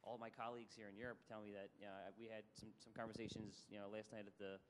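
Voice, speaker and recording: A man speaking on a conference panel as a service provider, talking quickly and often repeating words as he restarts. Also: lowish voice, little pitch movement, noisy background.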